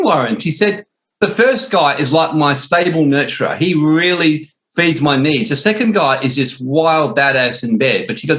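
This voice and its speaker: An animated Australian man in middle age, chatting casually as a host. His voice sits a little high for a man, and it leaps even higher whenever he slips into someone else's words mid-story. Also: moderate pace. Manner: animated storyteller, voices swinging up when quoting others. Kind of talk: casual chat.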